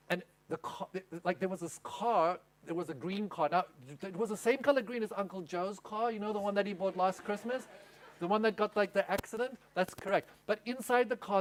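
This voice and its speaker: A man's voice: high-pitched, a little fast, a little hiss or hum, natural voice. A man imitating a woman who tells a meandering story full of side details in a chatty, digressive way.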